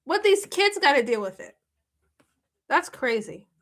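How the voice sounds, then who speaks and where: Bright high-voiced woman chatting on stream. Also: big pitch swings, measured pace. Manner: emphatic, repeats herself, laughs often. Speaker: live stream host. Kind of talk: casual reaction chat with viewers.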